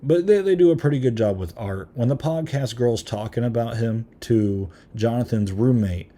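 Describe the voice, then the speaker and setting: A man's voice: mid-range voice, moderate pace, warm tone. A man hosting a podcast, giving a casual movie review in a rambling way, full of "um"s, with an occasional chuckle. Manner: rambling, many filler ums; chuckles now and then. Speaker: podcast host.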